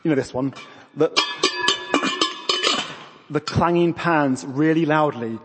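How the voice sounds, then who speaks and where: A man's voice: fairly high pitch, slow pace, over loud music. A man, preaching a sermon in a conversational, self-deprecating way. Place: church. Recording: long reverb of a church hall.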